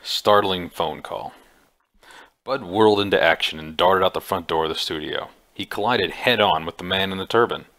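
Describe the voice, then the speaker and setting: Deep gravelly man reading a book aloud. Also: moderate pace, fairly bright tone. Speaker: audiobook reader. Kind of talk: amateur audiobook reading.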